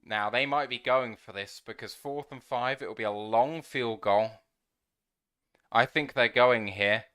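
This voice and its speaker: Excitable male fan host, smooth voice. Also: medium pitch, unhurried. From United Kingdom. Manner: excitable, shouts at big plays. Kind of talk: live game watch-along commentary.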